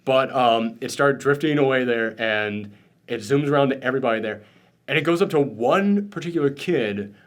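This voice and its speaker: Hosting a spoiler discussion, a man speaks at normal speed in an animated, mid-range voice. He is tearful and choked up, gushing and swearing freely as he talks.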